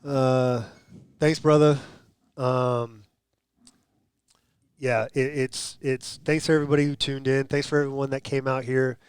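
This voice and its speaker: A man's voice: mid-range voice, a little slow, long pauses, clear, resonant tone, no room sound. A man tells racing stories on a podcast in a mid-range voice, full of restarts and voiced quotes. The sound is close and dry. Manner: animated storyteller, restarts and acts out quotes. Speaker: guest. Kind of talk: casual podcast chat.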